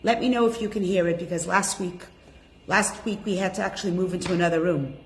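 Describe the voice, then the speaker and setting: A woman's voice: on the low side, fast talker. A woman teaching a women's class online, chatting and greeting each attendee by name. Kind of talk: casual online class talk.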